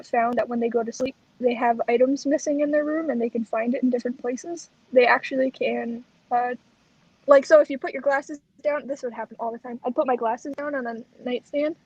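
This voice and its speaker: A woman with a high, husky voice co-hosts a casual chat, telling her story with animation. The recording is dry and a little dull. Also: no room sound. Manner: animated, acts out quoted lines. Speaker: co-host.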